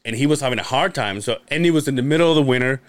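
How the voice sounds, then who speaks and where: A man's voice: mid-range voice, racing, no room sound. A man chatting casually on a podcast in a studio, telling a long work story with lots of restarts, repeated words and cursing. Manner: rambling storyteller with many restarts; swears freely. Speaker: podcast guest. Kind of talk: casual chat.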